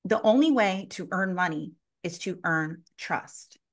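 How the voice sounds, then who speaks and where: A woman's voice: fairly low pitch, unhurried. A woman in her thirties, a sales consultant telling stories in a casual interview, who acts out the people she quotes, swears freely and fills her talk with "like". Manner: animated, acts out quoted voices, heavy use of "like".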